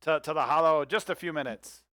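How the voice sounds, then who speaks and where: A man voicing a folksy, pushy dockside boatman with eager salesman patter, pitched well above his own voice. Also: fast talker, a bit bright, dry recording, clean studio sound, natural voice.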